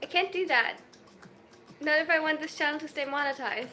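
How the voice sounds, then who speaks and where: A woman's voice: high voice, sharp tone, soft background music. A woman in her twenties chatting on a casual livestream, flustered, often breaking off mid-sentence and laughing. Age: 20s. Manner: flustered, self-interrupting, quick to laugh.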